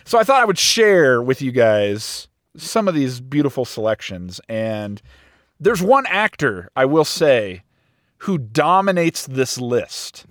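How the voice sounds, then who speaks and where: A man's voice: medium pitch, slow, no room sound, clean studio sound. A young man hosting a casual comedic podcast, introducing segments in a jokey way. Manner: animated, jokey, runs the segments. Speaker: podcast host.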